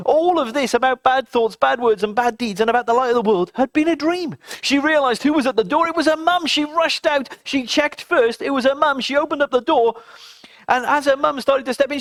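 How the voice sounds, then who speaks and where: A man telling a story to children in an animated, dramatic way, speaking to the kids directly. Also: extremely high pitch, no echo.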